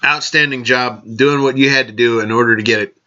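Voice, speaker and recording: A man's voice: mid-range voice, fairly even intonation, fairly quick, sharp tone, lo-fi sound. A man hosting a casual vlog, rambling along, correcting himself and raising toasts to his listeners. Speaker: podcast host.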